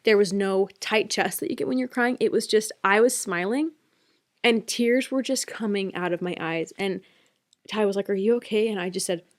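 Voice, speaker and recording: A woman's voice: mid-range voice, moderate pace. A woman in her twenties, a podcast co-host, chatting casually and emotionally with many fillers. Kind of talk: casual chat.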